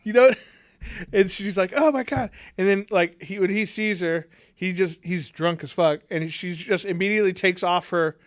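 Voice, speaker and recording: A man's voice: high voice, fairly even intonation, fairly bright tone, no room sound, clean studio sound. A man co-hosting a podcast, chatting casually, swearing and joking as he acts out quotes. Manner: swearing, jokey, quick to act out quotes. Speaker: podcast co-host. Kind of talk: casual chat.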